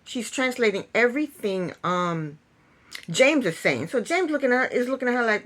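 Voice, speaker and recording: A woman's voice: on the high side, lively intonation, normal speed, fairly bright tone. A woman giving a casual, sarcastic recap of a reality show, laughing often. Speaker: TV recap youtuber.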